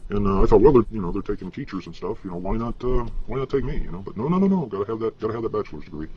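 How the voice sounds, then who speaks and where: A man's voice: fairly low pitch, animated, racing, highs cut off, a little hiss or hum. A man ranting in a rambling vlog, frustrated and profane, stumbling over fillers, heard from a replayed clip. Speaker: vlogger.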